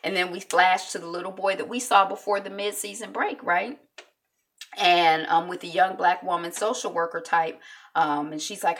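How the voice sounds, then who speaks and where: A woman casually recapping a TV episode, animated, acting out characters with many fillers. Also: lowish voice, normal speed. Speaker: TV recap vlogger.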